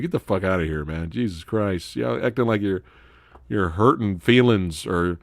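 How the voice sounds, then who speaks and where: Here the host speaks low with vocal fry, keeping a moderate pace as he spins animated, profanity-laced stories on his casual live stream, laughing often. The sound is studio quality with no echo.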